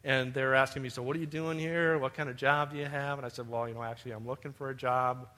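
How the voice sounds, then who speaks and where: A man's voice: mid-range voice, fairly even intonation, fast, bright, forceful tone. A man preaching a sermon, telling personal stories and addressing his listeners as beloved. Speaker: pastor.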